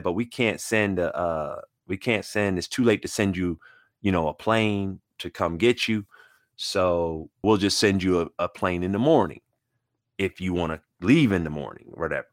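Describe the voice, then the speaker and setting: A man in his forties, a retired basketball player, telling a story in an animated way and acting out the people he quotes. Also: normal speed, dry recording, clean studio sound. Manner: acts out quoted voices, jumping high and dropping low.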